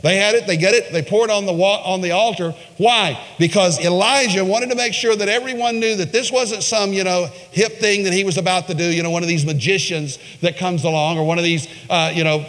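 A male pastor preaching a sermon, retelling a story with dramatic pitch swings and voiced quotes. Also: a little fast, few pauses, a bit bright. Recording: long reverb of a large hall.

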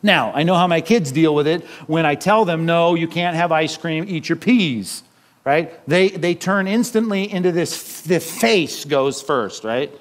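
A man's voice: fairly high pitch, a little slow. A middle-aged man, a pastor with kids, preaching a conversational sermon full of rhetorical questions.

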